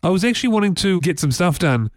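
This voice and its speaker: Chatty New Zealand man, slightly high voice. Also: sing-song, fast talker, no room sound, clean studio sound. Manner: chatty, rambling, many fillers. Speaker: podcast co-host. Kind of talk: casual tech podcast chat.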